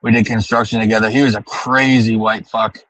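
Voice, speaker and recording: A man's voice: lowish voice, flat delivery, fairly quick, a bit bright, slight background noise, poor audio. A man livestreaming from his car on the drive home, rambling and ranting with heavy profanity as he talks to his chat. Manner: profane, ranting, thinking aloud. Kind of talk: casual rambling monologue.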